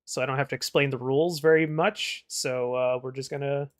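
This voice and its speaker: A man serves as game master for a tabletop game, narrating casually and using plenty of fillers. He speaks a little fast at medium pitch.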